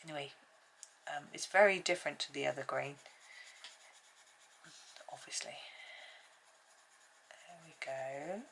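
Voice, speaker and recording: A woman's voice: deep voice, measured pace, creaky, pauses often, fairly bright tone, a little hiss or hum. A woman hosting a colouring channel at home, chatting and thinking aloud as she works through a casual tutorial.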